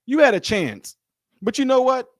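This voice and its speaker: A man doing reaction commentary on a video, teasing and animated, repeating his lines for effect. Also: very high voice, moderate pace, no room sound, clean studio sound.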